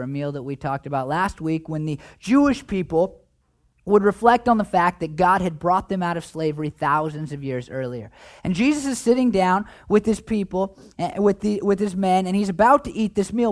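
A man preaching a sermon as pastor, earnest, often restarting words and dropping quiet at the ends of phrases. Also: high-pitched. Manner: acts out quoted voices, drops quiet at phrase ends.

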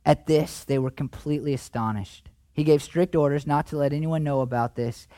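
A man preaching a sermon as pastor, in a conversational way that swings between animated emphasis and hushed, tender passages. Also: on the high side, a little fast, no room sound.

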